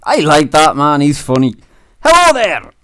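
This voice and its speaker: A man's voice: on the high side, wildly swooping pitch, unhurried, a bit bright, no echo, studio quality, exaggerated voice. A man voicing a rude, cheeky male puppet bird with a Scottish accent, teasing strangers in a video chat comedy. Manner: crude, teasing, sings silly songs.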